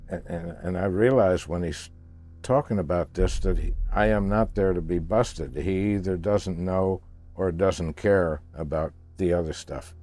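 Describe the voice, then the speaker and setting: Old guy spinning a yarn, low voice, stumbles n repeats words, soft music behind. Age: older. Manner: halting, repeats words when searching for them. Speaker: interviewee recounting a past voyage. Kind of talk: casual storytelling.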